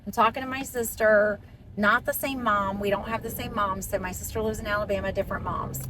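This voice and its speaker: A woman's voice: mid-range voice, fairly even intonation, brisk, noisy background. A middle-aged woman, a podcast guest, telling a personal story in a blunt, profane, fired-up way.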